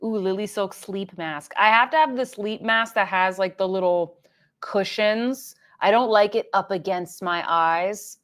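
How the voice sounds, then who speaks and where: A young woman hosts a relaxed livestream and reads viewer comments out loud. She talks in a loose, chatty way, full of fillers and small laughs, at a middle pitch. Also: a little slow. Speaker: livestream host. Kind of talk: casual livestream chat reading comments.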